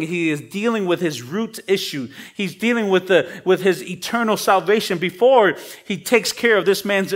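A male pastor with a high-pitched voice preaches a sermon conversationally, using everyday slang. He swings from emphatic rises to quiet, trailing drops.

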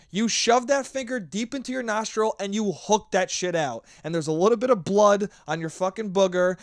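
A young man hosting his own podcast, ranting with lots of swearing and sometimes shouting into a handheld mic. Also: high voice, dry recording, clean studio sound. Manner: profane, animated ranting; shouting at times. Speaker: podcast host. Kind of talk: solo podcast monologue.

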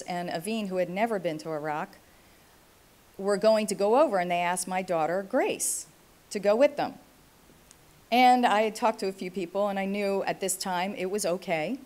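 A middle-aged woman from the United States giving an anecdotal keynote speech, telling stories with acted quotes. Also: fairly low pitch. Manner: animated storytelling with acted quotes. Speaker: keynote speaker, former state official.

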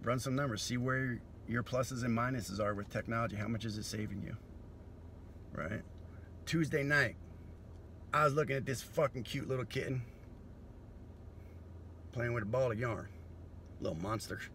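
A man doing a profane, sardonic comedy monologue that breaks into sudden loud bursts. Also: medium pitch, normal speed, vocal fry, long pauses, a little hiss or hum.

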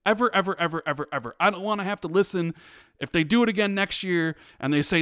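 High-voiced man ranting emphatically. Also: fast talker, clear, resonant tone, no echo, clean studio sound. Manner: animated, emphatic ranting with repetitions. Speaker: podcast co-host. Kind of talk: casual podcast chat.

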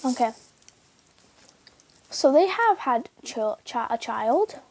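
A woman chatting casually through her gameplay video, excitable and yelping as she plays. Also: high voice, slow pace, gravelly, slightly rough, no echo. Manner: excitable, calls out and yelps while playing. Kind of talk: casual game commentary. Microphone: screen recorder mic.

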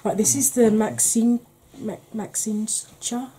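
A woman hosting a beauty channel, chatting casually and rambling softly while she declutters her makeup, with self-deprecating asides. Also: on the high side, measured pace, background noise. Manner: soft, quiet delivery.

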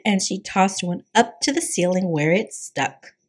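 A woman reading a picture book aloud for a preschool storytime, with an expressive, dramatic storyteller's delivery. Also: mid-range voice, unhurried. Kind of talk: children's read-aloud.

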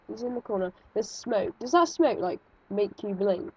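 Jumpy, husky-voiced woman. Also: medium pitch, expressive, normal speed, highs cut off. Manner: jumpy, nervous, exclaiming, thinking aloud. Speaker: gaming video creator. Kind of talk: let's-play game commentary.

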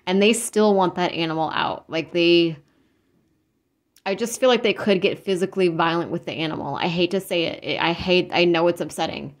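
A woman's voice: lowish voice, normal speed. A woman giving a casual psychic tarot reading, talking in a rambling, earnest way with many restarts and fillers, and openly moved as she speaks. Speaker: tarot reader.

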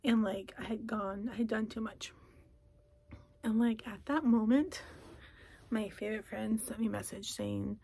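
A young woman vlogging in a casual chat from a closet at home, talking softly and often slipping into a whisper. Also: on the high side, steady tone, a little slow, vocal fry, long pauses, husky. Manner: soft, often drops to a whisper.

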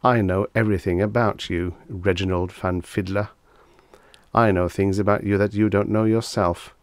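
A man voicing a calm, sinister little male Death figure who speaks quietly and coldly. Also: lowish voice, normal speed, dry recording, close to an everyday voice.

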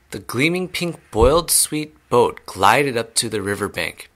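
Bright-voiced man reading a storybook. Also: mid-range voice, measured pace, hardly any pauses. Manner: clear, steady storybook reading. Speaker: English teacher reading a novel aloud. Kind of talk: reading a children's novel aloud.

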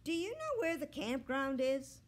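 A woman voicing an eager, excitable young male dog who narrates a storybook, with loud, high-spirited yelps. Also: measured pace, slight background noise. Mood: excited.

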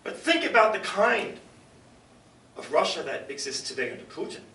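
Older male lecturer, emphatic, bright edgy tone, roomy distant sound. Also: high voice, sing-song, moderate pace. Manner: emphatic, rhetorical questions and asides to the audience. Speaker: professor giving a public lecture. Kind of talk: public lecture. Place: lecture room with an audience. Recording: echoey lecture hall from far off.

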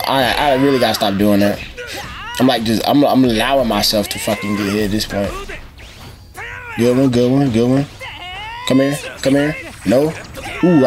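Young man, hyped gameplay commentary, yelling at the screen, game music behind. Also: mid-range voice. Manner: excitable trash talk, shouting at the screen. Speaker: gaming channel host.

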